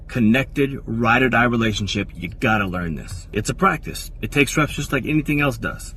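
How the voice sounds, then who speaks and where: A man's voice: lowish voice, fairly bright tone. Didactic man coaching, slightly distant mic. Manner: firm and didactic, acts out quoted lines. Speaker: relationship coach. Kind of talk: instructional monologue in a clip. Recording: slightly distant with faint background noise.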